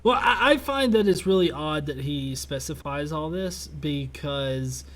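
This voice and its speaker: A man's voice: a little high, animated, measured pace, fairly bright tone. A man hosting a casual political podcast, talking loosely with lots of filler words. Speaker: podcast host.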